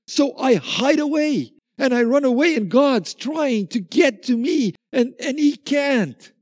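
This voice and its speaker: Pastor, male, lively sermon delivery, high mellow voice, dry close sound. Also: unhurried, hardly any pauses, dry recording. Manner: animated, acts out little dialogues, repeats himself.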